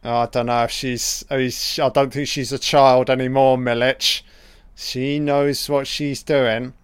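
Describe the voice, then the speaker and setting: A man giving a casual, profane watch-along commentary on a film, reacting out loud to what is on screen. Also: mid-range voice, little pitch movement, unhurried, smooth, no echo.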